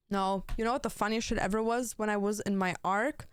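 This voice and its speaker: Brief: young woman streamer, crude and rambling, smooth voice, dry close sound. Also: medium pitch, fairly even intonation, a little fast, no room sound. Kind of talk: casual stream chat.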